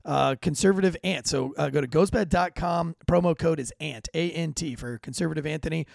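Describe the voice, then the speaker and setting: A man co-hosting a podcast, excitable and casually swearing as he chats and slips in sponsor reads. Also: fairly high pitch, a little fast, gravelly, no room sound, clean studio sound. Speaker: podcast co-host.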